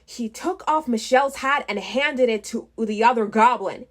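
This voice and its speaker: A woman reading a children's storybook aloud, unhurried, with small restarts. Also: a little high, steady tone. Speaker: children's book reader.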